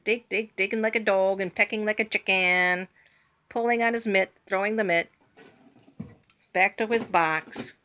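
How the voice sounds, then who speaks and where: A woman's voice: medium pitch, steady tone, a little slow, pushed and bright. A woman filming at home, talking to her pet bird in a sing-song baby-talk voice and playfully scolding it.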